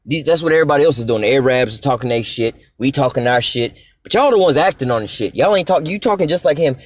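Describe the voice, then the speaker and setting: Angry black guy ranting at a clip, cussing nonstop, talks fast. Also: medium pitch, no room sound. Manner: profane, heated, preachy, addresses the clip directly. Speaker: commentator reacting to a clip.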